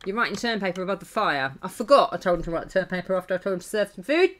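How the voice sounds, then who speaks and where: A woman, chatting excitably through a game stream, laughing often and scolding the characters. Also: mid-range voice, rapid-fire. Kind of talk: casual gameplay commentary. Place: home.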